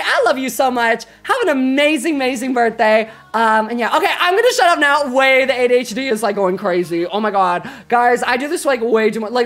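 A woman livestreamer rambling energetically through a casual sign-off, her voice a little croaky. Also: fairly high pitch, a bit bright. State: slightly croaky. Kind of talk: casual stream sign-off chat.

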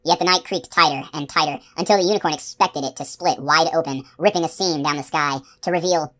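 A woman reads a novel aloud as an audiobook narrator. Her voice sits low, and she tells the story in a steady, expressive way. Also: fairly quick.

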